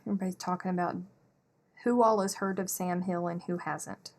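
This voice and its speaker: A woman's voice: lowish voice, fairly even intonation, fairly quick. A woman, chatting casually on a crochet live stream and laughing often. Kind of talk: casual chat while crocheting.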